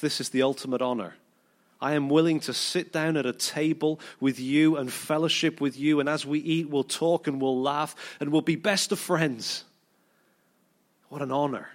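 A British man preaching a sermon, telling the story with energy, acting out the people he quotes and now and then tripping over repeated words. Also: medium pitch.

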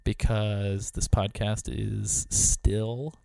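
A man's voice: mid-range voice, measured pace, dry recording. A man co-hosting a podcast in casual chat, talking about leaving the show in a reflective, slightly emotional way with hesitations. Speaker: departing podcast co-host.

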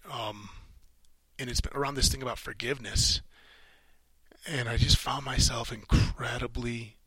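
A middle-aged man hosting a solo podcast, talking through his thoughts in a rambling, halting way with many restarts and casual swearing. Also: mid-range voice, fairly even intonation, fairly bright tone, breathy edge, dry recording, rough recording. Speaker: podcast host. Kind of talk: solo reflective monologue.

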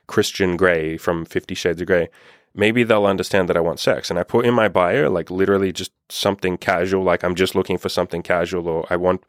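A young man with a low voice delivers a blunt, impassioned talk on dating, swearing often. The sound is close and dry, with no room around it. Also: no room sound. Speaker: dating coach. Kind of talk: casual vlog monologue.

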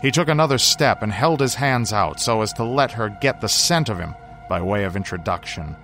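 A man narrating a horror story with dramatic, drawn-out phrasing. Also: on the low side, animated, a bit bright. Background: faint music.

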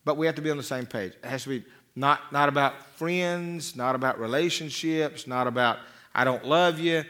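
A man's voice: medium pitch, normal speed, fairly bright tone. A man preaching a sermon as a pastor, folksy and rambling, with frequent restarts and repeated words. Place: church.

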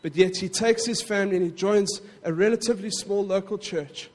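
A man preaching a sermon in a conversational way, with frequent asides to the congregation and quick self-corrections. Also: high voice, in a large hall. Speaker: pastor.

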